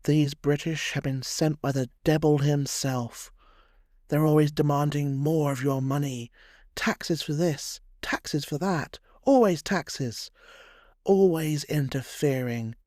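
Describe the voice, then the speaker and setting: A man's voice: a little high, steady tone, slow pace, darkish tone, no echo, studio quality. A man voicing an indignant, grumbling Boer farmer ranting bitterly about taxes in a narrated history tale. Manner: bitter, complaining rant.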